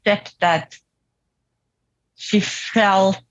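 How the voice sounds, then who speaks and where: Hesitant woman, slow and reflective. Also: medium pitch, fairly even intonation. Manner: reflective, hesitant, with restarts and soft laughs. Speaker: therapy client. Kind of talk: therapy session talk.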